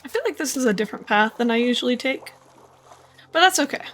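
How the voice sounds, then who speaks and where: A woman's voice: fairly high pitch, animated, quick pace, a bit bright, slight background noise. A woman streaming a game, chatting casually to herself and her viewers, playful and tired, often repeating little phrases. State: yawning, tired. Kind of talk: casual gameplay commentary.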